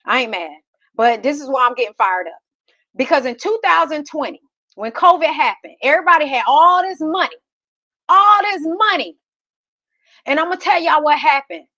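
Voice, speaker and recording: A woman in her thirties talks straight to her listeners like a preacher, fired up and firing off rhetorical questions. Her voice sits high and has a bright, forceful edge. The sound is dry and close, with no room around it. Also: no echo. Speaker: real estate investor and host. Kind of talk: motivational talk to camera.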